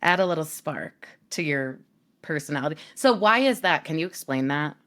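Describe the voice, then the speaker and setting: Chatty low-voiced woman co-hosting a podcast. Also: expressive, moderate pace, fairly bright tone. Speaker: podcast co-host. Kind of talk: casual chat.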